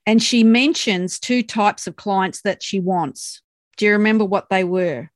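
A woman's voice: medium pitch, a little slow, no room sound. Woman podcast co-host, giggly and chatty, dry booth sound, mid-range voice. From Australia. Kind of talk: casual chat and trivia quizzing.

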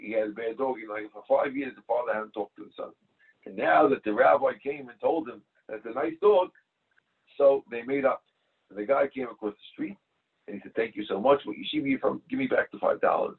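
Over a tinny, phone-like line, a man with a medium-pitched, slightly rough voice and some vocal fry teaches a Talmud class. He reads the text phrase by phrase, translates each one, and tells stories to explain it.

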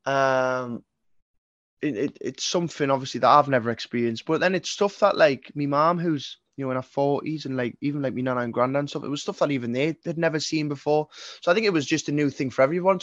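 A singer-songwriter in his twenties from North East England chats casually in a Geordie accent as an interview guest. His talk is rambling and sweary, full of restarts. His mid-range voice moves fast, and the audio is dull with no echo.

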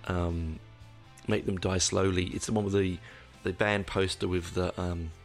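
A middle-aged man talks through a solo podcast in a very low, gravelly voice. He rambles, trips over his own words and corrects himself as he goes, dropping dry asides. Soft music plays faintly behind him. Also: little pitch movement, unhurried. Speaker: podcast host. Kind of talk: casual solo podcast monologue.

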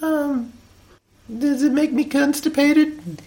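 A woman's voice: high-pitched, steady tone, takes it slowly, mellow. A woman co-hosting a bawdy comedy podcast, giggly and playful, slipping into silly mock accents. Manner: giggly, puts on silly mock British voices. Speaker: podcast co-host.

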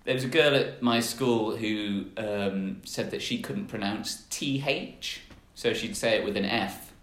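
A man's voice: fairly low pitch, a little slow, fairly bright tone. A young man chatting casually, hesitant with lots of fillers. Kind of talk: casual chat. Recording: echoey room.

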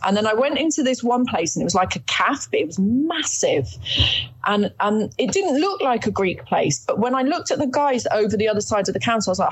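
A woman's voice: medium pitch, expressive, a little fast, breathy edge, poor audio. A woman casually telling a long personal story as an interview guest, chatty and acting out the people she quotes. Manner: chatty, many restarts, acts out quoted voices.

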